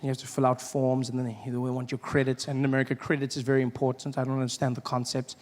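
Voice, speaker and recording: A man doing a stand-up comedy set, telling stories and acting out other people's voices with loud, high outbursts. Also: completely flat delivery, quick pace, in a large hall.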